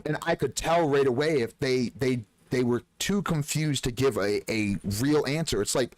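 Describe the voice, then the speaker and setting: A man streaming live, telling gaming stories in an animated, profane way and acting out the dialogue. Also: medium pitch, moderate pace, hardly any pauses, no room sound. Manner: animated storyteller, swears freely, acts out dialogue. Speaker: game streamer. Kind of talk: casual live-stream chat.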